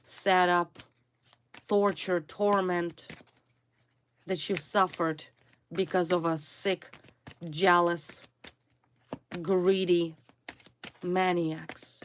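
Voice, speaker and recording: A woman's voice: lowish voice, steady tone, drawn-out words, pauses often, slight background noise. A woman giving a tarot reading to her viewers, stressing her points by repeating single words. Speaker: tarot reader.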